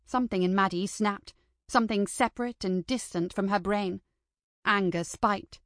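A woman reading an audiobook in steady scripted narration. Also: medium pitch, moderate pace, dry recording, studio quality. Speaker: audiobook reader.

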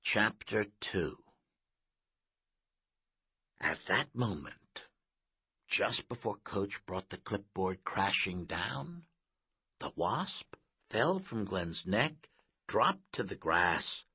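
A man narrating a children's storybook in a slow, expressive read-aloud manner. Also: on the low side, husky, no room sound, muffled recording.

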